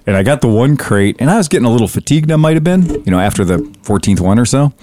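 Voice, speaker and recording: A man telling a story in casual podcast chat, swearing freely and animated. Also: medium pitch, quick pace, a little hiss or hum.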